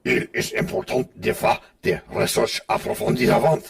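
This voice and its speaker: A man's voice: high-pitched, huge pitch swings, moderate pace, creaky, breathy edge, far from the mic. A man co-hosting a podcast, dry and questioning, asking for things to be explained. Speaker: podcast co-host. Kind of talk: casual podcast banter.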